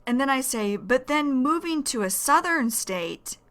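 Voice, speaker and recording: A woman from the northern United States with a Northern US accent, teaching English vocabulary slowly and clearly and repeating key words. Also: high voice, animated, a bit bright. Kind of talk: slow explanatory language lesson.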